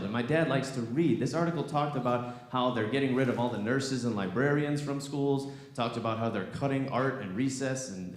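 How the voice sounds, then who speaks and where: Playful young man doing stand-up in an echoey room. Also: mid-range voice. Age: young adult. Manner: animated, playful, chatting with the crowd. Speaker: stand-up comedian. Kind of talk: stand-up comedy set. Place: small comedy theatre. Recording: echoey venue.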